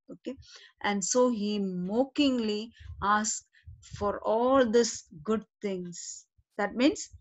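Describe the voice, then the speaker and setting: A woman's voice: mid-range voice, rough recording. A woman teaching literature, patiently explaining a play line by line and often checking with "okay?".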